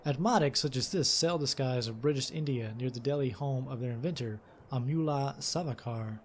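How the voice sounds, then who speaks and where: A man's voice: mid-range voice, moderate pace, a little hiss or hum. A man hosting a let's play, reading game text aloud and commenting casually, with fillers and self-corrections.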